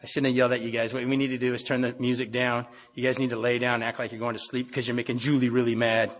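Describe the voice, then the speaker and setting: A middle-aged man speaks quickly and plainly, telling his own story to a meeting and often restarting his sentences. His voice sits at an ordinary pitch. It carries a long reverb from the meeting hall. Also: little pitch movement, a little hiss or hum. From Pacific Northwest of the US. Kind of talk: personal recovery story told to a meeting.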